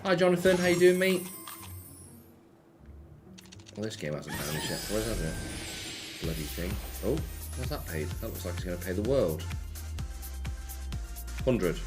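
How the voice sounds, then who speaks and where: A man's voice: sits low, moderate pace, long pauses, over music. A man hosting a casual live stream, chatting offhandedly and answering viewer messages. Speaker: slots streamer.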